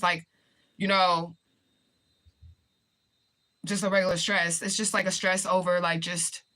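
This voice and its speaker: A woman's voice: on the low side, sharp tone. A woman chatting casually on her livestream, reading viewer comments aloud and answering them in a blunt, profane way. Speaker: livestream host.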